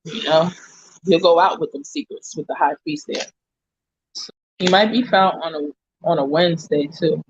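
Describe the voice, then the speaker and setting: A man giving a casual tarot reading, halting and repeating words as he talks to viewers. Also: fairly high pitch, husky. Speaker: tarot reader in a played clip. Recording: dull lo-fi dry clip.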